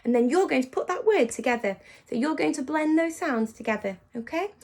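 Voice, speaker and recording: A woman teacher giving a phonics lesson to young children. She praises them often and slows down to sound out words. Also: high-pitched. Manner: animated and encouraging, praising often.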